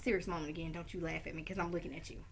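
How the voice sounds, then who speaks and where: A middle-aged woman hosting a talk show in casual chat, animated and outspoken. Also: low voice, racing, gravelly, very noisy. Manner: animated, outspoken, swears and laughs often.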